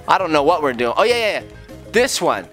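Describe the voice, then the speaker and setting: Excitable goofy dad with squeals. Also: male voice, a little high, a little fast, soft background music. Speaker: gaming video host, father. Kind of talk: casual gameplay commentary with his son.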